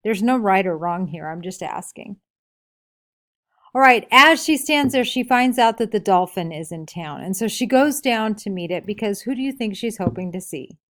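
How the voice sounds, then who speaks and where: A woman teacher guides a class discussion of a novel. She reads short passages aloud, explains them, and keeps asking the students questions. Her voice sits at an ordinary middle pitch. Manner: asks many questions, pausing for answers.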